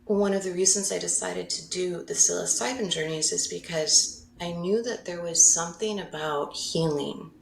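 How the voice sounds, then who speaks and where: A mindfulness facilitator appears as a podcast guest, telling a personal story openly and emotionally, laughing often and correcting herself as she goes. Her voice sits low, gravelly and fairly bright, with a little hiss or hum and a roomy echo.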